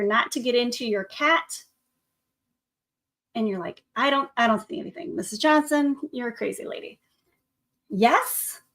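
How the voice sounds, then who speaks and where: A woman's voice: a little high, sharp tone. Upbeat woman art teacher. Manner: upbeat, encouraging, talks to the viewer as to young students. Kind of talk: classroom drawing tutorial.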